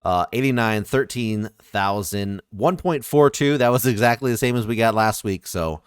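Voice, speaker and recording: A man's voice: fairly low pitch, normal speed, clear, resonant tone, no echo, studio quality. A man in casual podcast chat, reading ratings and reacting with wry asides. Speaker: podcast co-host.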